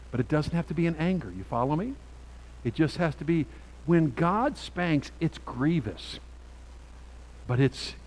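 Halting middle-pitched male preacher. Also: darkish tone, slight background noise, rough recording. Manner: halting, many restarts, rhetorical "right?". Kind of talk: sermon, Bible exposition.

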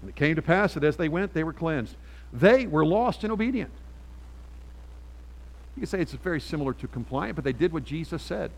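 A middle-aged male pastor preaching a sermon on a handheld mic, animated and emphatic, swinging from quiet asides to loud peaks. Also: on the high side, a little fast, creaky, long pauses, long reverb tail.

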